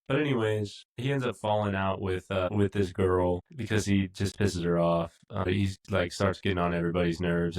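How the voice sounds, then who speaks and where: A man with a fairly low voice talks casually as a podcast co-host. He rambles through an episode recap, leaning on "like" and "um". His tone is relaxed and conversational. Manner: rambling, full of fillers. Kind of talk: casual review chat.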